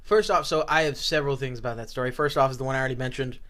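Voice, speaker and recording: A man's voice: medium pitch, rapid-fire, a bit bright. A young man co-hosting a podcast, chatting and joking in a rambling way at a small table. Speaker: podcast co-host. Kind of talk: casual chat.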